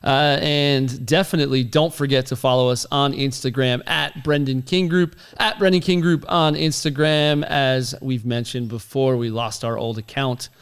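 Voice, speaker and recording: A man's voice: medium pitch, fairly even intonation, normal speed, hardly any pauses, smooth. A man hosting a casual group podcast, upbeat and chatty, laughing often. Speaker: podcast host.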